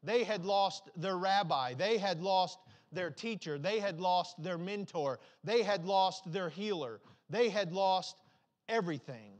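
A male pastor delivers a sermon in a fairly high voice, repeating phrases line after line. He restarts and stumbles now and then as he builds toward his point. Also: lively intonation, a little slow. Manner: repetitive, building preaching with restarts.

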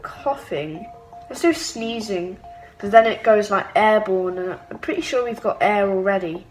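A young woman giving excitable, playful let's-play commentary with mock-evil asides. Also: medium pitch, unhurried, soft background music, poor audio. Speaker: gaming channel host. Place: home room.

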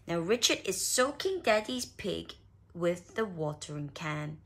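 A woman reading a children's picture book aloud, expressive, with small slips. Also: on the low side, measured pace. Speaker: storyteller.

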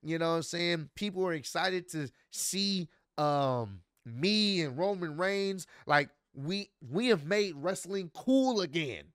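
A man giving a casual, excited spoken recap and commentary, often acting out what others said. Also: high-pitched, slow, few pauses, clean tone, no echo, studio quality. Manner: excited, animated, acts out quotes. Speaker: wrestling commentary vlogger.

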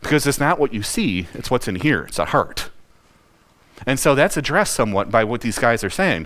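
A man's voice: mid-range voice, sing-song, fairly quick, a bit bright. A man preaching a conversational sermon, asking questions and briefly acting out the people in the story. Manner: folksy, asks the congregation questions, acts out quoted voices. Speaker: pastor.

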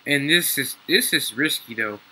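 A young man, excitedly commentating his gameplay, slangy and swearing freely. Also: mid-range voice, normal speed, breathy edge, low-quality recording. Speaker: gaming YouTuber.

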